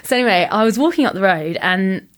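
A woman's voice: mid-range voice, fast talker. Chatty woman telling a story. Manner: animated, chatty, full of "like"s, acts out quotes. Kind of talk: casual storytelling chat.

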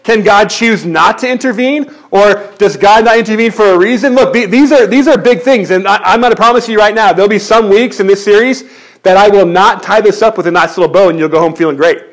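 Animated high-voiced male pastor preaching. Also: brisk. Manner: conversational, animated, with frequent restarts. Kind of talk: sermon.

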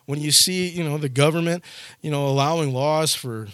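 A man's voice: fairly high pitch, normal speed, a bit bright, clear, resonant tone, no echo. A male pastor preaching a sermon in an earnest way, repeating phrases and restarting lines as he builds a point.

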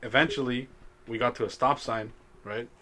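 Bright-voiced young man telling a story. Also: medium pitch, fairly even intonation, moderate pace. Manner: laid-back storytelling, laughs often, swears casually. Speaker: podcast co-host. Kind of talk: casual chat.

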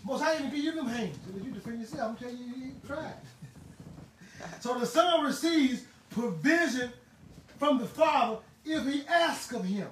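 A man preaching a sermon in a fervent, emphatic way, now and then bursting into shouts. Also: very high voice, lively intonation, normal speed. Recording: roomy, distant mic, faint ambient noise.

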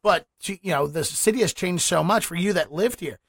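A man's voice: high-pitched, a little fast, creaky, fairly bright tone, breathy edge, no echo. A man from Baltimore hosting a podcast, asking chatty, meandering questions. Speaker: podcast host. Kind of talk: casual podcast interview.

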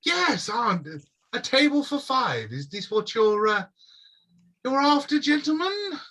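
A man's voice: very high-pitched, very animated, takes it slowly, pushed and bright, voice pushed up, full character voice. A man voicing a courteous, prim male elf shopkeeper who greets customers in a formal, sing-song way.

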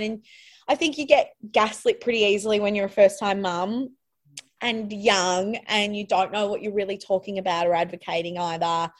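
A woman's voice: mid-range voice, expressive, a little fast. An Australian woman sharing a personal story in casual conversation, chatty and full of "like" fillers. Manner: chatty, lots of "like" fillers, laughs while telling. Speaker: podcast guest.

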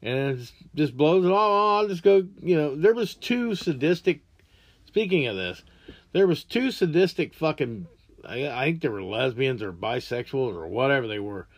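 A man hosting a podcast, ranting crudely and angrily with heavy swearing. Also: mid-range voice. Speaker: podcast host. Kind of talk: profane rant monologue.

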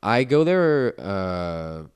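A man's voice: on the low side, sing-song, extremely slow, clear, resonant tone. A young man, a podcast guest, telling a long casual story full of "like" and "you know.". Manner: rambling, filler-heavy storytelling with lots of "like".

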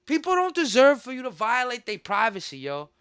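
A man hosting a podcast, ranting in a heated, profane way with sudden loud outbursts. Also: very high voice, wildly swooping pitch, a little fast, smooth, dry recording, clean studio sound. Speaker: podcast host. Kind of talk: casual podcast rant.

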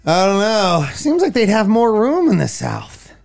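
A man's voice: high voice, a little slow, gravelly, soft background music. A middle-aged man co-hosting a radio show, chatting casually and telling stories with lots of expression. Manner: animated storytelling, acts out voices. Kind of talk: casual chat.

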